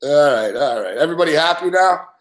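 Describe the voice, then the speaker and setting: A man's voice: on the high side, animated, fast talker, reverberant. A man hosting a late-night call-in show, profane and scolding, laughing between rants. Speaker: show host.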